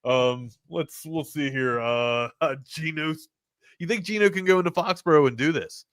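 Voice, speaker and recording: A male sports talk host giving betting picks in a loose, excitable, slangy way. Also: fairly high pitch, normal speed, clear, resonant tone, dry recording, clean studio sound. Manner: loose and excitable, slangy, says "man" a lot.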